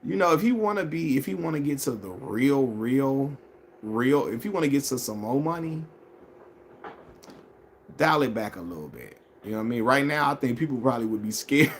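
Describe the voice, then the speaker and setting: A man of middle pitch runs a casual live stream, talking basketball and reading comments out loud. He talks in loose slang, doubles back on his own phrases and laughs often. A faint hiss sits under his voice. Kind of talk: casual sports chat.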